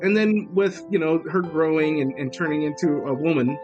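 A man in his thirties rambles through crude, self-mocking podcast chat in a slightly high voice. Music plays steadily behind him throughout. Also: moderate pace, dull audio. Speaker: podcast host. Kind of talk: casual drunken podcast chat.

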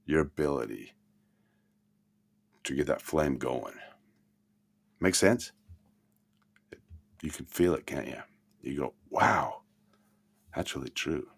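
Deep-voiced man giving an expressive motivational talk. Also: vocal fry. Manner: expressive, swings between loud emphasis and soft murmurs. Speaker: self-help teacher.

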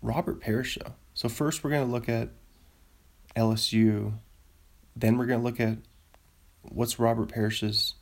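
A man's voice: mid-range voice, little pitch movement, a little slow, gravelly, long pauses. A man making casual commentary as he looks up sports stats, thinking aloud, easily amazed, and laughing at himself. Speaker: vlogger.

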